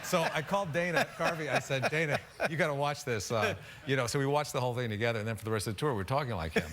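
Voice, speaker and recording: A man's voice: medium pitch, animated, rapid-fire, fairly bright tone, a little hiss or hum. A man in his fifties, a talk show guest telling dry, self-deprecating anecdotes in casual conversation. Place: television studio.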